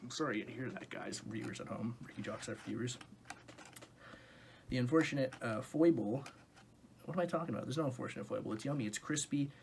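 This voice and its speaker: A young man rambles through a comic fast-food review, wandering off on tangents and breaking into sweary rants. His voice sits at an ordinary middle pitch. Faint noise and a few clicks run behind him in his dim room. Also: vocal fry.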